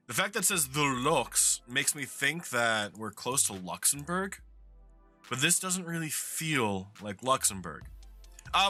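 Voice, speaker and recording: A man's voice: mid-range voice, pushed and bright, dry recording. A man from New York with a New York accent, chatting casually and swearing now and then while commenting on a geography game he plays. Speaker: streamer playing a geography game.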